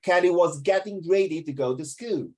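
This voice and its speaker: A man coaching a student one-on-one for an oral exam, blunt and animated, mixing in Mandarin words. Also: high voice, normal speed. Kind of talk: one-on-one tutoring.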